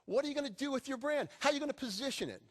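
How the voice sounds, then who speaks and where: A man's voice: very high voice, racing. A middle-aged man giving a motivational speech to a live audience, telling stories with jokes. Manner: animated storytelling with jokes. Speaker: keynote speaker.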